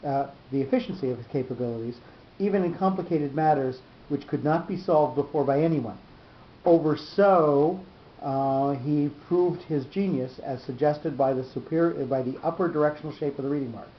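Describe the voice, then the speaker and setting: A man teaching a study session who explains slowly, with fillers and restarts. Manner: halting, many restarts and fillers, slows to spell out terms. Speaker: Torah teacher. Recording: dull echoey room with faint rumble.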